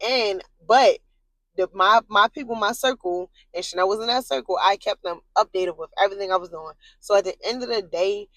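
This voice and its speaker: A woman's voice: a little fast, dry recording, rough recording. Rambling, swearing woman telling a story. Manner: rambling, full of "like" fillers, blunt with swearing; animated, jumps high in pitch when worked up. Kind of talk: casual storytime monologue.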